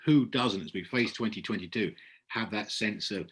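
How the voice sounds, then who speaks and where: A man's voice: on the low side, normal speed, fairly bright tone, slightly rough. A man from Kent, hosting a poetry reading and heaping effusive praise on the poets. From Kent, England. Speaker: host.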